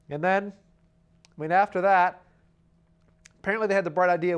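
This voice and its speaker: A man's voice: high-pitched, brisk. A man hosting a podcast, telling a rambling, wry comic story and slipping into silly voices for the people in it. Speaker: podcast host. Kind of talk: casual comic monologue.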